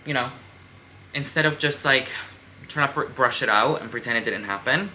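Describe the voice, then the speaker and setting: A woman's voice: extremely low pitch, normal speed, bright, forceful tone, slight background noise. A woman in her twenties chatting candidly and emphatically while doing her makeup, swearing freely. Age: 20s. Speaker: beauty vlogger. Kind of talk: casual get-ready-with-me chat.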